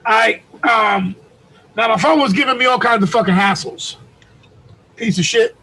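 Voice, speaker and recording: A man on a video call telling a long, profane story, getting loud as he acts out the calls. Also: high-pitched, moderate pace, husky, low-quality recording. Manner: profane, animated storytelling, shouts when reenacting. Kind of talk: casual chat.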